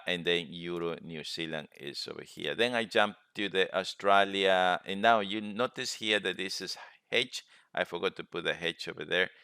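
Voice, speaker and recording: Deep-voiced man with a bright, crisp tone. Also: no echo, studio quality. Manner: rambling, many fillers and self-corrections. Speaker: trading webinar host. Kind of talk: casual live screen-share lesson.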